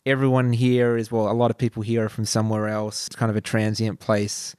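A man's voice: fairly low pitch, little pitch movement, brisk, darkish tone, smooth, no room sound, studio quality. A man hosting a podcast interview, asking questions in a conversational, curious way. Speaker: podcast host. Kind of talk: casual interview chat.

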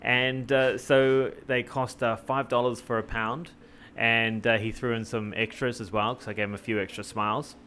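A man's voice: medium pitch, flat delivery, moderate pace, bright, forceful tone, slight background noise. A man hosting a casual travel cooking vlog, talking in a rambling, jokey way with lots of fillers and restarts. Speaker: travel vlogger and host.

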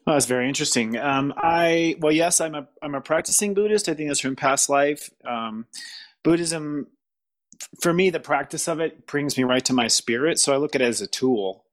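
A man speaking as a guest in a casual spiritual conversation, pausing, restarting and searching for words. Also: a little high. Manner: halting, searching for words, frequent restarts and laughs. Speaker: podcast guest.

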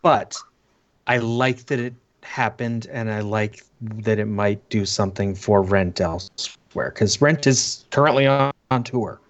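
A man's voice: fairly low pitch, measured pace, lo-fi sound. A man appearing as a guest on a podcast, giving brief, easygoing replies. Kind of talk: casual chat.

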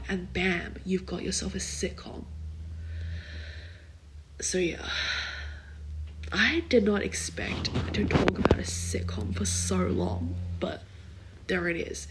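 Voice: medium pitch, creaky, slight background noise, poor audio. Rambling young podcast host. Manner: rambling, filler-heavy, many likes and kind ofs. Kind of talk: casual solo podcast chat.

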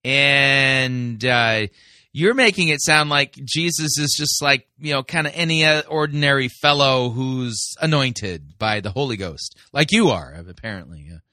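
A man's voice: medium pitch, expressive, measured pace, sharp tone, no echo, studio quality. A man hosting a sermon review, commenting sarcastically and mockingly with lots of fillers.

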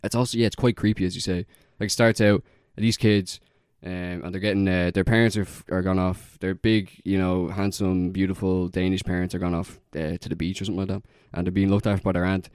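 A young man in a loose podcast chat, his voice sitting low and recorded dry and close. He rambles through a story, stacking fillers and breaking into laughs. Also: little pitch movement, quick pace, few pauses, darkish tone, clear, resonant tone, no echo. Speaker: podcast co-host. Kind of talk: casual chat.

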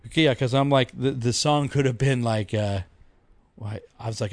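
Rambling, animated male podcast co-host. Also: medium pitch, moderate pace, no room sound. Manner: rambling, animated storytelling with mock-outraged quotes. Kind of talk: casual chat.

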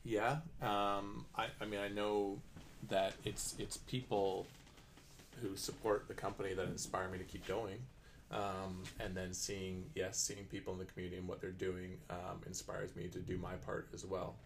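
A man's voice: low voice, flat delivery, normal speed, creaky, a little hiss or hum. A man from Canada, a business owner chatting as a guest in a laid-back, rambling way with many fillers. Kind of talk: casual podcast chat.

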